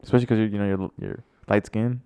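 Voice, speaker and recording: A man co-hosting a podcast, teasing his friends in quick, casual banter. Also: fairly low pitch, steady tone, warm tone, clear, resonant tone. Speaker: podcast co-host. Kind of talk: casual chat.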